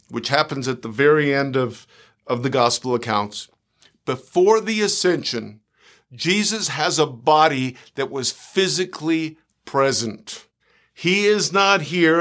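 A male pastor delivers a sermon in a slightly high voice. He takes his time, reading scripture slowly and deliberately and repeating key lines to drive them home. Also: a bit bright. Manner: slow, deliberate reading of scripture with emphatic repetition.

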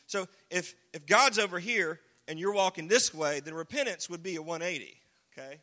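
A man preaching a casual, joking sermon, now and then shouting single words for emphasis. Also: high voice, lively intonation, moderate pace. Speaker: pastor. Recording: long hall reverb.

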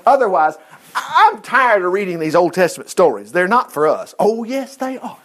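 A man teaching a Bible lesson in an animated way, chuckling and making chatty asides. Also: high-pitched, moderate pace.

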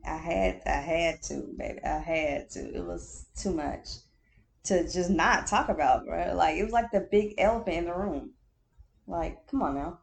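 A woman's voice: lowish voice, normal speed, gravelly. A woman hosting her own podcast in a casual solo chat. She talks candidly, laughs often, repeats phrases for emphasis and calls the listener baby or honey. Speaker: podcast host.

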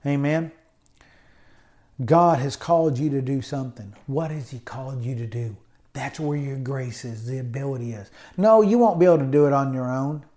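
A man's voice: mid-range voice, moderate pace, dark tone. A man preaching a sermon in an emphatic style, often adding amens and hallelujahs. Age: adult with college degree. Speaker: pastor.

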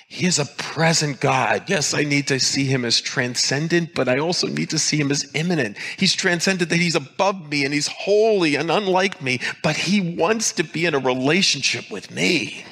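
Forceful, animated male preacher. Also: medium pitch, gravelly, slightly rough. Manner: emphatic, repeats key phrases; slows to stress single words. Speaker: pastor. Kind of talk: sermon.

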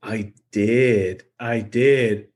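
A man co-hosting a podcast in casual chat, animated and rambling, with lots of filler words. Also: on the low side, extremely slow. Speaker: podcast co-host.

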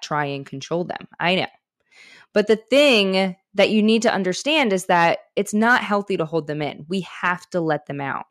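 A woman's voice: lowish voice, no echo, clean studio sound. A woman hosting a self-help podcast, talking frankly and encouragingly in a conversational way. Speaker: podcast host and author. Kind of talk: candid self-help talk.

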